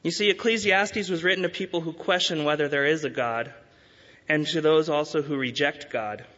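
Pastor, male, earnest sermon delivery, slightly higher voice, dull sound with long reverb. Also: bright, forceful tone. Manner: earnest, urging, with emphatic rises and slow stresses.

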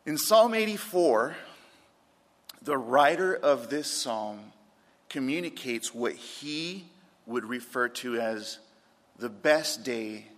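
A man's voice: mid-range voice, a bit bright. A man preaching a sermon as pastor, repeating his key points and telling light anecdotes, in a church sanctuary. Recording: long reverb of a large room.

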